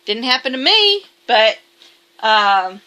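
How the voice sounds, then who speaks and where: A woman with a bright, slightly high voice talks straight to camera, rambling and restarting as she defends herself. Her delivery is emphatic and a little defensive. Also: sing-song, slow pace. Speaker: vlogger. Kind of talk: casual monologue to camera.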